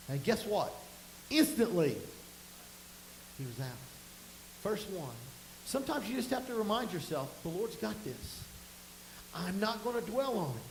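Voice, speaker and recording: Pastor, high voice, folksy sermon, booming room with faint hiss. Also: male voice, reverberant, rough recording. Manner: folksy storytelling, rising to emphatic bursts. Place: church sanctuary.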